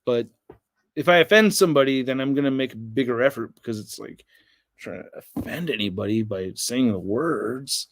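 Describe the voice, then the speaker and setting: A man's voice: mid-range voice, lively intonation, moderate pace, dry recording. An American man hosting a casual livestream, rambling and reading viewer comments aloud. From United States. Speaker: livestream host.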